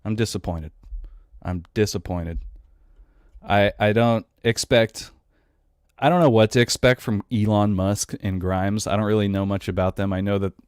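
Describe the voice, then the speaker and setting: A man's voice: fairly low pitch, fairly even intonation, normal speed, darkish tone, clear, resonant tone, no echo, studio quality. A man in his thirties hosting a podcast, ranting in a casual, exasperated, profane way. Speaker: podcast host.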